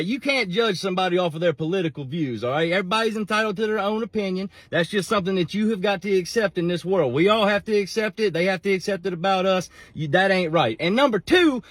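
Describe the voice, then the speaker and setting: High-voiced blunt storytelling man. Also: animated, fast, few pauses, dry recording. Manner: blunt, folksy, lecturing. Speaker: uncle telling a story. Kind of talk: casual storytelling.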